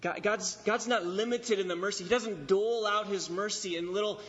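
A pastor preaching an expository sermon, emphatic, repeating key phrases and slowing on stressed words. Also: male voice, high-pitched, fairly even intonation, fairly bright tone. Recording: dull recording in a reverberant hall.

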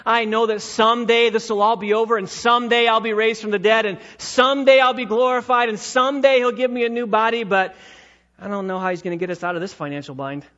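A man preaching a sermon, dramatic, with swings from loud emphatic lines to hushed ones. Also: high-pitched, fairly even intonation, quick pace, highs cut off. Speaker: pastor.

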